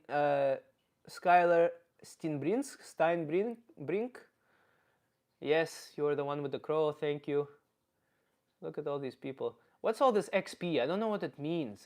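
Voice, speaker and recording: A blunt, crude older Slavic uncle, as a comedian puts him on with a thick Russian accent and a flat deadpan delivery. His voice sits fairly high for a man, and he reads viewer names aloud in a live comedy stream. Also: a little slow, natural voice. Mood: chatty. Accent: put-on Russian accent.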